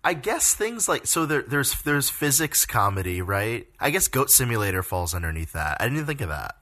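A man co-hosting a casual podcast, playful and teasing, thinking aloud with pauses. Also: medium pitch, sing-song, pushed and bright. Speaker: podcast co-host.

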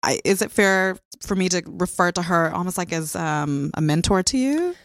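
A woman hosts an interview, asking reflective questions and often affirming what her guest says. Her voice sits a little low for a woman. It is recorded dry and close, with no room sound. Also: lively intonation, normal speed, no room sound. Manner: supportive, frequent affirmations. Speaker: interview host. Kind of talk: conversational interview.

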